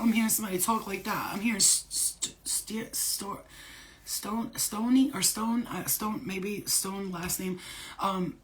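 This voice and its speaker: A woman psychic medium speaks straight to her audience in a loose, unscripted way. She is blunt and emphatic, drops swear words and street slang, and repeats lines to press her point. Her voice sits at an ordinary middle pitch. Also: steady tone, normal speed. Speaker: psychic medium giving spirit readings. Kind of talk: casual unscripted channeling talk to viewers.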